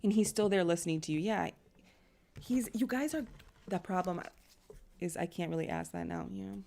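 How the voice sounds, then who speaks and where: A woman's voice: fairly low pitch, big pitch swings, normal speed, creaky, mellow, slight background noise. A young woman giving a casual astrology and tarot reading, chatty and rambling, full of "like" and "you know".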